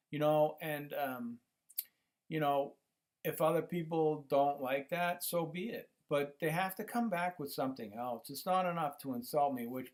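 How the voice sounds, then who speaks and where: A middle-aged man talking to camera on his own channel, rambling with many fillers and restarts, recorded on a computer microphone. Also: on the high side. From United States. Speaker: YouTube channel host. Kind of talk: casual monologue to camera.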